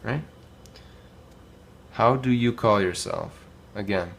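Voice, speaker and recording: Lowish guy teaching a laid-back language class, lots of ums, says phrases slow for you to copy. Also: gravelly. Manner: relaxed, many ums, models phrases slowly. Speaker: Spanish teacher. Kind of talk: casual spoken lesson.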